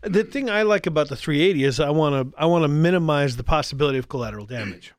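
A man's voice: on the high side, lively intonation, quick pace, dry recording, studio quality. Easygoing man rambling on a podcast. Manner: easygoing, rambling, many restarts. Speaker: podcast co-host. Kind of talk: casual chat.

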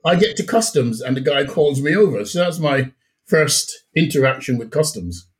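A middle-aged man with a Jamaican accent mixed with British, telling stories as a guest in a casual conversation, relaxed and often laughing. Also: mid-range voice, normal speed. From Jamaica and England. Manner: relaxed, laughs often, repeats words as he restarts. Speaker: podcast guest.

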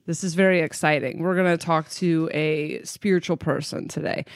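A woman's voice: sits low, fairly even intonation, normal speed, clean tone, no echo, clean studio sound. A woman hosting a podcast in casual chat, self-mocking and swearing freely, tired after a long day. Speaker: podcast host.

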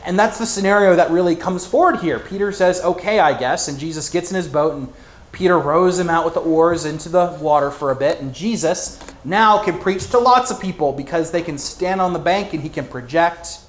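A man's voice: a little high, a little fast, roomy sound, slight background noise. A man preaching a sermon in a casual storytelling way, full of fillers and restarts.

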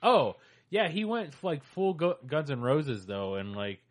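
A man's voice: a little high, sing-song, unhurried. A man in casual podcast chat who rambles, searching for words with many fillers and restarts.

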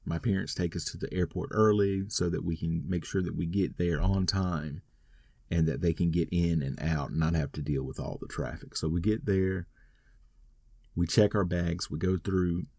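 Deep gravelly man telling a story. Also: normal speed, a little mellow, no room sound, studio quality. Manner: rambling, wry, self-deprecating. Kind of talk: casual storytelling monologue.

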